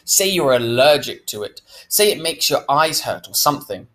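A grumpy preteen girl, as a man reading a storybook aloud voices her with sarcastic, sulky lines. The reading stays close to his own voice but moves lively in pitch. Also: normal speed. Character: grumpy girl about to start seventh grade.

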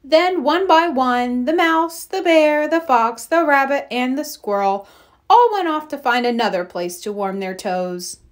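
High, lively woman reading a children's story. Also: unhurried. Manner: sing-song storytelling. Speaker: children's book reader. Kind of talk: expressive read-aloud narration.

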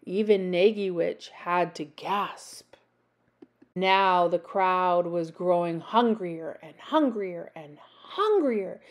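A woman from Canada reading a children's picture book aloud, slowly and expressively. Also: lowish voice. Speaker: storyteller.

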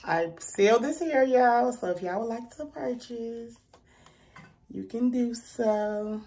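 A woman's voice: fairly high pitch, slow, dark tone, breathy edge. Chatty woman vlogger talking to camera. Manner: chatty, colloquial, talks straight to viewers. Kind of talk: casual chat to camera.

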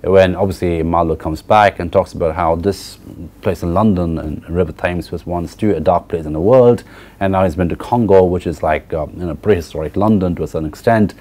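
A male university lecturer reading passages from a novel aloud and pausing to explain them to students. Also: low-pitched, mellow. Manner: reads passages with frequent fillers and restarts, then explains.

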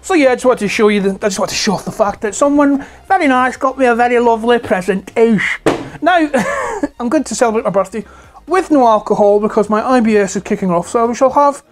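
A man in his forties with a Scottish accent, chatting casually to camera about toys at home on a clip-on mic, his voice hoarse and close to breaking, rambling and swearing freely. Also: very high voice, fast. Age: 40s. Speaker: toy collector vlogger. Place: at home indoors. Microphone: clip-on lapel mic.

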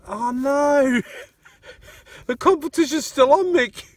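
An excitable Australian man chatting and joking outdoors in a paddock while metal detecting. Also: extremely high pitch, slow pace. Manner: excitable, jokey, laughs often. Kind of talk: casual outdoor vlog chat.

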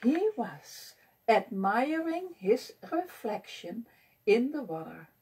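Librarian lady reading a kids story, slow, sing-songy, high and breathy. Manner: expressive, sing-song reading to children. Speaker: children's librarian. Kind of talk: storytime read-aloud.

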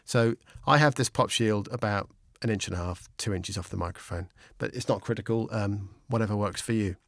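A man teaching microphone technique in a relaxed, explanatory way, with frequent ums and restarts, recorded on a studio condenser microphone. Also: lowish voice, fairly quick, dry recording. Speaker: instructor. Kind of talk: casual instructional explanation. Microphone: studio condenser microphone with pop shield.

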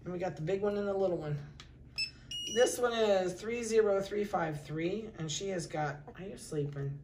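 A middle-aged woman dog breeder in a casual puppy update, cooing softly to the litter and giving brisk practical notes to buyers. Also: medium pitch, recorded from a distance, a little hiss or hum. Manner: coos softly to puppies, then gives brisk practical notices to buyers.

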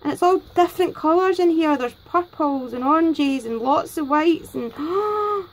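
A Scottish woman hosting a crafting vlog, gushing excitedly and a bit nervously over gifts. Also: high voice, moderate pace, very noisy. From Scotland. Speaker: crafting channel host. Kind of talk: casual unboxing vlog.

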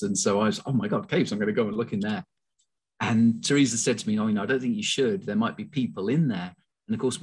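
Husky man telling a lively anecdote. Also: fairly low pitch. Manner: animated anecdotal storytelling with quoted dialogue. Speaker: guest naturalist and tour leader. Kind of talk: storytelling in an interview. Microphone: video call.

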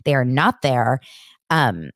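A woman in her thirties hosting a podcast, chatting casually and excitedly as she retells scenes and acts out people's lines. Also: a bass voice, slow, no room sound, studio quality. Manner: excitable, animated retelling with acted-out quotes. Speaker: podcast host. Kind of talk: casual chat recapping reality TV.

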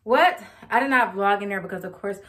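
A young woman talks straight into her phone camera in a loose, chatty vlog. She wanders off-topic and keeps turning back to her viewers with "y'all." Her voice sits at an ordinary middle pitch. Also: brisk, a bit bright, slightly rough. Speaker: vlogger. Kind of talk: casual chat to camera.

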